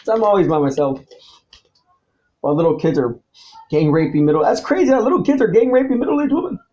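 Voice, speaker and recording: A man talking alone to the camera, swinging between low mutters and loud, angry, profane outbursts and repeating himself. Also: lively intonation, quick pace, muffled recording. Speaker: vlogger. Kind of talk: rambling solo monologue to camera.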